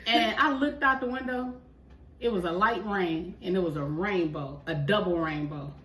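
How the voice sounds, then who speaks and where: An animated woman tells a story and acts out the voices of people in it. Her tone is bright and forward. She sits a little back from the mic in an echoey room with faint noise. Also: on the low side, moderate pace, recorded from a distance. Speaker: podcast co-host. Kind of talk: casual storytelling chat.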